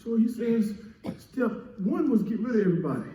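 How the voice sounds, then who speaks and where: A man preaching a sermon as pastor, building up to shouts and calling for answers from the congregation. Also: sits high, expressive, a little fast, crowd noise. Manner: preaching with rising shouts and call-and-response. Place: church sanctuary. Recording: echoey church, mic heard from a distance.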